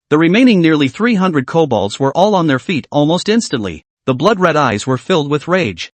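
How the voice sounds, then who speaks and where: Animated male comic recap narrator. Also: fairly high pitch, normal speed, hardly any pauses, dry recording.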